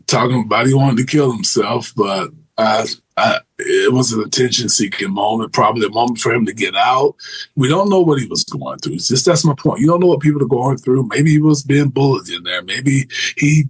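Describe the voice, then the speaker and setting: A man's voice: mid-range voice, slightly rough, poor audio. A man, a former corrections officer, telling vivid stories in a casual interview and acting out the voices of people he quotes. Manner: animated storyteller, acts out quoted voices, restarts often.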